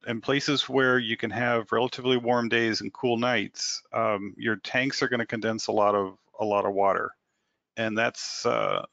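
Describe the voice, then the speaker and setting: Gravelly, bright-toned man explaining fuel systems. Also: medium pitch, no echo. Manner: explanatory, repeats words while thinking. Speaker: webinar presenter. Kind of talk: technical webinar explanation. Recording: slightly dull dry audio.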